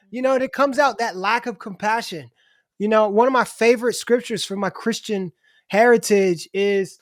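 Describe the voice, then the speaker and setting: A man's voice: extremely high pitch, fairly bright tone, dry recording, clean studio sound. A middle-aged man talking candidly as a podcast guest, restarting his sentences and swearing casually. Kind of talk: casual conversation.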